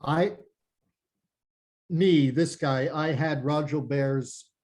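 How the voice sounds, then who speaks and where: A man's voice: fairly high pitch, steady tone, very slow, darkish tone, low-quality recording. A middle-aged man from New Jersey hosting a casual interview, asking friendly questions with eager follow-ups. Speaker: host.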